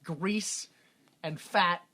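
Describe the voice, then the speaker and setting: A man hosting a podcast, telling a movie's plot in a rambling, excitable way, full of restarts. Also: high-pitched, drawn-out words, crowd noise. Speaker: podcast host. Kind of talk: casual comedic movie recap. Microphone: podcast microphone.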